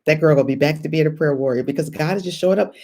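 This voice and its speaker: A woman in her thirties hosting a casual faith livestream, telling stories in an animated, encouraging way. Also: deep voice, rapid-fire. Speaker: host.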